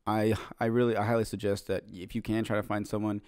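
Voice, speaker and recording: A man's voice: fairly low pitch, flat delivery, quick pace, a little mellow, clean tone, dry recording, clean studio sound. A man co-hosting a casual podcast, chatty and loose, full of "you know" fillers. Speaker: podcast co-host. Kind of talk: casual chat. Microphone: webcam.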